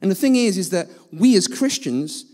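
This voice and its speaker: Male guest preacher, high voice, blunt and self-deprecating, church-hall echo. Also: lively intonation, normal speed, a little mellow. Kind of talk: sermon.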